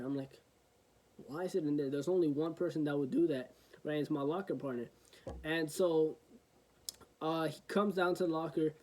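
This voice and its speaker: A man's voice: on the high side, a little mellow, low-quality recording. A young man vlogging, telling a story in a loose, rambling way, full of fillers and "right?". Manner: rambling, filler-heavy, keeps asking "right?". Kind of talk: casual storytelling.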